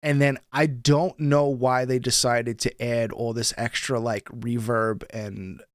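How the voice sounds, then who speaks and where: A man co-hosting a casual podcast, chatting in an animated way and laughing often. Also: mid-range voice, slow pace, no room sound, studio quality. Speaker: podcast co-host. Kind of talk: casual chat.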